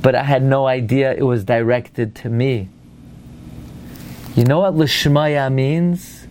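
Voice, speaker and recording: Speaking slowly in a medium-pitched, slightly mellow voice, a rabbi teaches Torah through stories, with slight background noise in the recording. He speaks emphatically, poses rhetorical questions to his audience, and mixes Hebrew and Yiddish terms into his English.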